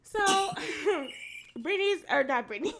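A woman co-hosting a podcast, chatting casually and recapping a TV show with lively, profane storytelling and quoted asides. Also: very high-pitched, a little slow. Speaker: podcast co-host.

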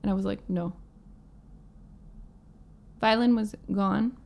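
A woman's voice: medium pitch, steady tone, slow pace, gravelly, darkish tone. A woman from Manitoba, a guest musician, telling a story in a casual interview and acting out the quoted lines in her own voice. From Manitoba, Canada. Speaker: guest musician, violinist and singer.

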